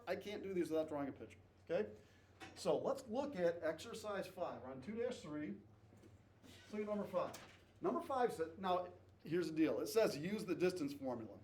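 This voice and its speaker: A man's voice: fairly high pitch, expressive, fairly quick, a little mellow. A male math teacher lecturing a class, repeating key points and checking in with "okay?". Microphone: distant camera mic. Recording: echoey classroom from far off, faint noise.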